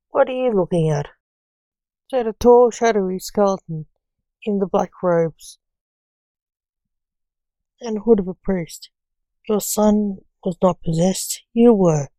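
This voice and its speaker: A woman reading a story aloud in an even, unhurried way, with little change of voice between characters. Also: mid-range voice, no echo. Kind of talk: read-aloud story narration.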